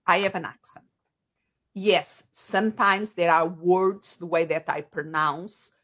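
A woman, an English speaker, talking as an interview guest and often pausing to search for words. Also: lowish voice, fairly bright tone. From Portugal. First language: Portuguese. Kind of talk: conversational interview.

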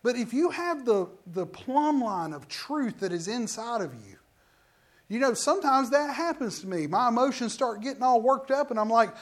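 High-voiced man preaching with acted-out stories. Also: expressive, moderate pace. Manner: storytelling with acted-out quotes, emphatic. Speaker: pastor. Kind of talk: sermon.

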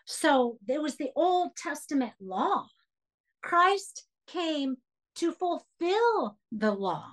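A woman's voice: sits high, very animated, slow pace. Earnest woman teaching Bible study. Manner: earnest, emphatic, urges listeners to write notes.

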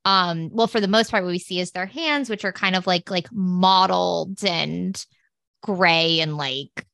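A woman's voice: fairly low pitch, unhurried, gravelly, a bit bright, no room sound, studio quality. A woman in her thirties co-hosting a podcast, chatting casually and rambling with lots of fillers. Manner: rambling, filler-heavy storytelling. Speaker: podcast co-host. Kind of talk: casual chat.

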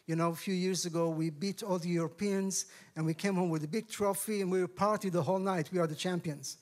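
A middle-aged Israeli man, a guest speaker sharing his testimony in a sermon, telling the story with lively acted-out dialogue. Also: high voice, a little fast. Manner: animated storyteller, acts out dialogue with raised voices. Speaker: guest speaker, ministry director.

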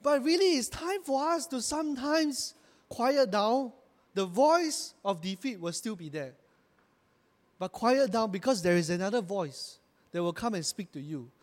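Within a long, church-hall reverb, a male pastor preaches in a high, expressive voice, a little slow, with words climbing in emphatic bursts. He has the congregation repeat lines back to him.

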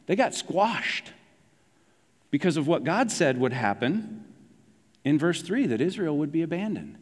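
Male pastor, animated sermon delivery with quiet low emphasis, recorded in a reverberant hall. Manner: animated, conversational preaching, dropping low for emphasis.

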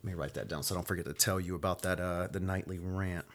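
A man's voice: low voice, steady tone, fairly bright tone. A man who is a nurse hosting his own solo podcast, venting angrily and swearing freely as he rants about his workplace. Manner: angry, profane, rapid-fire venting.

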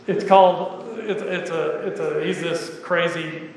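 Texan male pastor, emphatic and playful preacher, high tone, reverberant sanctuary with long decay. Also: unhurried, slight background noise. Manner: emphatic, joking asides to the congregation. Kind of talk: sermon. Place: church sanctuary. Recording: echoey church hall with reverb.

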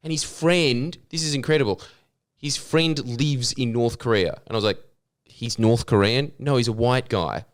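A man's voice: mid-range voice, moderate pace. A man co-hosting a podcast, chatting casually with a joking, rambling manner. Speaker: podcast host.

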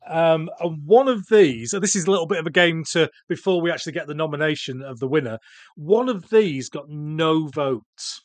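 Halting man hosting a podcast. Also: fairly high pitch, expressive, dry recording. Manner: halting, repeats words. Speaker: podcast host. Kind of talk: casual podcast banter.

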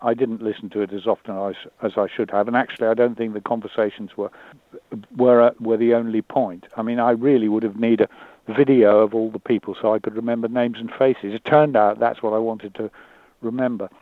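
A man talking candidly and thoughtfully, often pausing and repeating words as he searches for them. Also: lowish voice, steady tone, dry recording. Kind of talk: candid conversation. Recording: dry tinny phone-like line.

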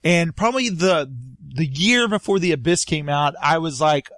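A man hosting a casual talk show, taking calls and rambling excitedly through stories. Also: fairly high pitch, normal speed, few pauses, no echo, studio quality. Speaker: show host. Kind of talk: casual podcast chat.

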